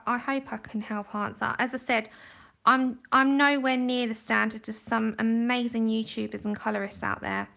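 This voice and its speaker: London girl chatting away while she colours, bit of fry in the voice. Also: on the high side, fairly bright tone. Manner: chatty, rambling, laughs often. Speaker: livestream host. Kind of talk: casual chat while colouring. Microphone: phone.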